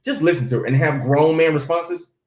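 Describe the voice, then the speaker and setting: A man, a comedian, telling stories in a lively casual chat and acting out quotes as he goes. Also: a little high, fairly quick, reverberant. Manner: animated storytelling with acted quotes. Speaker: guest comedian.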